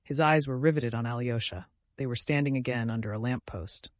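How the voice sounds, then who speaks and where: A man reading a classic novel aloud as an audiobook narrator, in a measured storytelling manner. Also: medium pitch, dry recording.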